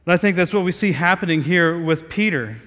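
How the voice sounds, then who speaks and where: Conversational preacher, from Southeast Ohio. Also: male voice, fairly high pitch, lively intonation, a little fast, a bit bright, in a large hall. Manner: conversational, with many fillers and restarts. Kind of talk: sermon. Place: outdoor square.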